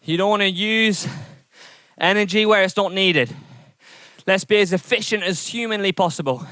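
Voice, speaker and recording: A man coaching an indoor cycling workout, energetic and encouraging as he calls out intervals and counts down, sweating as he rides. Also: sits high, normal speed, no echo, clean studio sound. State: sweating from exertion. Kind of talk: coaching a training session.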